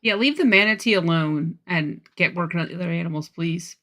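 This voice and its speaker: A woman's voice: fairly low pitch, a little fast, a bit bright. A woman co-hosting a podcast in casual chat, telling stories in a gushing, giggly way. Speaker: podcast co-host.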